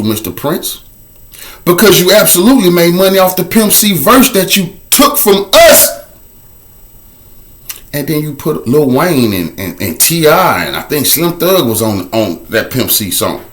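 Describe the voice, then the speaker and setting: A man telling his own story in a casual, animated way, dropping to a low murmur for a repeated refrain.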